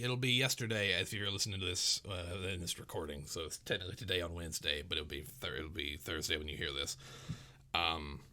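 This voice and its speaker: A man with a low but bright, forceful voice, talking loosely about games on a podcast. He rambles, restarts his sentences and swears freely. The sound is a close home desk mic. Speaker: podcast co-host. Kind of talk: casual gaming chat. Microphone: home desk mic with noise gate.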